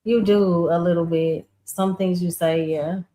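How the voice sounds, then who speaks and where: A woman hosting a casual talk show, speaking in a relaxed way with frequent short murmurs of agreement. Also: lowish voice, measured pace. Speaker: podcast host. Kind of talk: casual chat.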